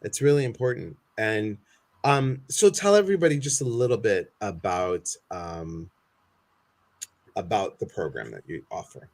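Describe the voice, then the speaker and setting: A man's voice: fairly low pitch, animated, a little slow, a little mellow. Man, American accent, chatty host, playful, reads out comments. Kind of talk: casual live chat with a guest.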